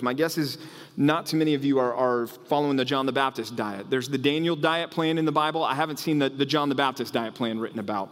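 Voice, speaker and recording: A man preaching a sermon as pastor, in an animated way that often restarts phrases. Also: a little high, fast talker, in a large hall. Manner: animated, acts out quoted voices, frequent restarts.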